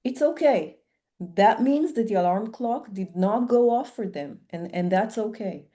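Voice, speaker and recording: A woman's voice: mid-range voice, expressive, a little slow, dark tone. A woman co-hosting a spiritual discussion podcast, speaking in a reflective, encouraging way. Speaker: podcast co-host.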